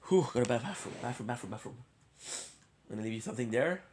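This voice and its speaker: A man's voice: medium pitch, animated, quick pace, darkish tone. A male streamer chatting off the cuff in a middle-range voice. He rambles from one thing to the next, swears freely and gets stuck repeating words. At times he counts items aloud under his breath as he plays. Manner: counts aloud while playing. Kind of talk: casual live-stream chat.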